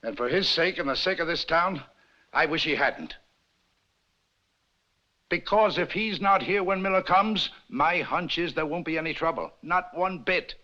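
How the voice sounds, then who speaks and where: An actor playing an earnest town leader making a measured, swelling speech to a church meeting, on an old lo-fi film soundtrack. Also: male voice, a little high, pushed and bright. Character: earnest persuasive male town leader, middle-aged. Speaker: townsman addressing a church meeting.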